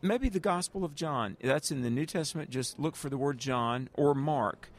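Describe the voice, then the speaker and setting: A man's voice: on the high side, normal speed. A man, an evangelist answering interview questions with earnest stories, speaking directly to the listener. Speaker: guest evangelist.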